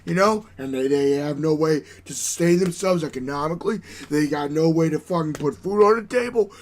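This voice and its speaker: A man from the United States ranting angrily to camera as a vlogger, shouting and swearing heavily into his own recording setup. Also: on the high side, brisk. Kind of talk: angry profane rant to camera. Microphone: own recording setup with adjustable gain.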